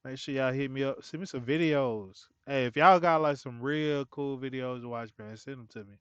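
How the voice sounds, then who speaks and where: A laid-back male host with a smooth, resonant voice gives a casual sign-off and ends his lines with "man." He is recorded on a dry, slightly dull mic. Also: medium pitch, moderate pace, no echo. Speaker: reaction channel host.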